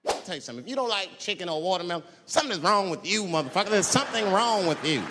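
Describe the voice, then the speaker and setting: A man's voice: sits high, expressive, racing. A man doing stand-up comedy, brash and profane, talking straight at the crowd. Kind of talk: stand-up set. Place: comedy club. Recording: long hall reverb, noisy crowd.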